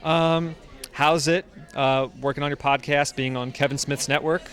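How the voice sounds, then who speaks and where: A man interviewing a guest at a convention, asking quick, upbeat fan questions. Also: fairly high pitch, fairly even intonation, a bit bright.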